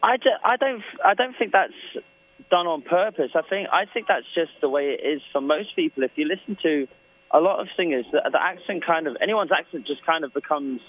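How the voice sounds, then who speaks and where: A man's voice: on the high side, expressive, brisk, narrow, tinny audio. A man with an English accent, a musician chatting loosely in an interview, joking and telling rambling stories. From England. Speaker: guest musician. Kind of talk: casual interview chat.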